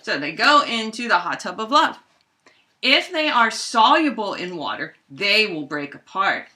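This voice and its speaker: A middle-aged woman teaching a high school chemistry lesson, playfully acting out reactions with toy bears. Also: measured pace. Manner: animated, acts out toy bears in squeaky voices. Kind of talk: playful classroom lesson with toys.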